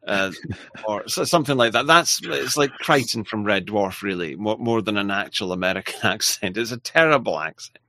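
A man hosting a casual livestream, reading viewer messages aloud in a halting, apologetic way. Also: on the low side, animated, bright, forceful tone, no echo. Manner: halting and apologetic, with frequent restarts and laughs. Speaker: livestream host.

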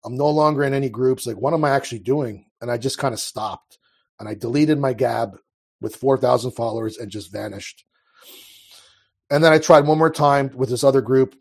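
A man's voice: mid-range voice, moderate pace, vocal fry. A man in his thirties telling his life story as an interview guest, in a casual, rambling way full of restarts. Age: 30s. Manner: rambling, restarts, frequent fillers.

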